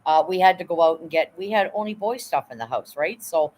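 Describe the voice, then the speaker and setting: A woman's voice: on the low side, expressive, fairly quick, a little mellow, poor audio. A woman in her fifties, hosting a casual livestream, telling a story bluntly with frequent swearing and "right?" asides. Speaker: livestream host.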